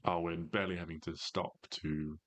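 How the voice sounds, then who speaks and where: A man with a very low, deep voice runs a tabletop game as game master. He narrates in a measured way, pausing and filling gaps with ums. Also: little pitch movement, a bit bright, slight background noise.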